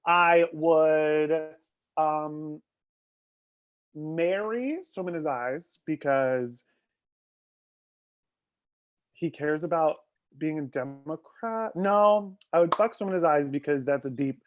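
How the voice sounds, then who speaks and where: A man's voice: fairly high pitch, clear, resonant tone. A man chatting on a casual live stream, telling gossipy stories and laughing often. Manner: gossipy, quick storytelling with bursts of laughter. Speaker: guest.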